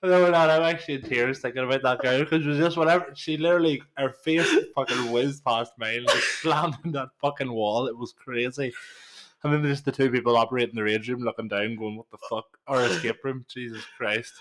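Animated, sweary storyteller. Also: male voice, medium pitch, a little fast. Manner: animated retelling, acts out quotes, swears. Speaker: podcast co-host. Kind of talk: casual chat.

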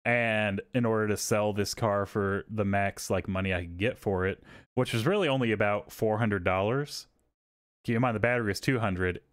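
A man hosting a podcast, telling a story in casual, profane, animated chat and acting out what people said. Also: fairly low pitch, moderate pace. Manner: animated, profane, acts out quotes. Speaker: podcast host.

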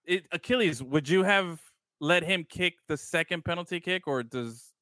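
A man chatting about soccer on a podcast, halting and repeating himself as he gets his point out. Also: on the high side, pushed and bright, no echo, clean studio sound. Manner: halting, repeats words and restarts. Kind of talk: casual sports chat.

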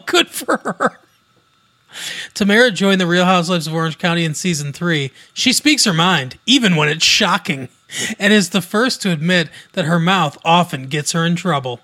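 A man's voice: fairly high pitch, moderate pace, bright, forceful tone. A man co-hosting a casual podcast, reading celebrity news aloud with wry asides and frequent laughs. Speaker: podcast co-host.

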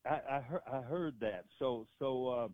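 An older man tells a backstage story in a rambling way, starting over again and again. His voice comes through a tinny, phone-like line with a dry, close sound. His pitch sits in the middle. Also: normal speed, no echo. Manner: rambling anecdote with many restarts. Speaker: wrestling manager guest. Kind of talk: casual storytelling.

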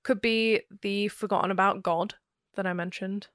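A woman's voice: medium pitch, steady tone, normal speed, fairly bright tone, no echo, clean studio sound. A woman co-hosting a podcast in casual chat, talking with lots of "like" and quoted asides. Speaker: podcast co-host.

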